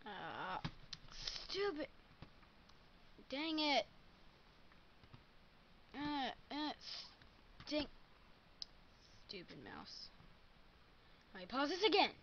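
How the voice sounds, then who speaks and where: Slow, muttering woman gamer, muffled mic. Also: high-pitched, very animated, a bit bright, a little hiss or hum. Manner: frustrated muttering, exasperated complaints. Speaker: gamer recording a let's play. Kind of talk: live gameplay commentary.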